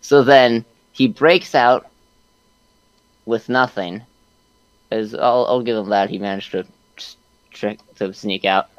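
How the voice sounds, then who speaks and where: A man's voice: on the low side, slow, pauses often, clear, resonant tone, no room sound, muffled recording. A young man animatedly retelling a game session in casual chat, laughing and using many fillers. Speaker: podcast co-host recapping a game.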